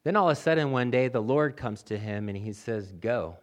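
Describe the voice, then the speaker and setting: A man's voice: mid-range voice, a little fast. A man preaching a sermon as pastor, building emphasis with repeated phrases and addressing the congregation directly.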